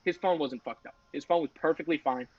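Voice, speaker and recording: A young man, a podcast host, telling a story in a casual, animated and profane way, often laughing. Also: a little high, brisk, no echo. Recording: dry, slightly dull podcast audio.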